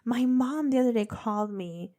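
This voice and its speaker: A young woman co-hosting a podcast, chatting casually and then telling a true crime story, expressive with quick asides. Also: fairly high pitch. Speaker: podcast co-host.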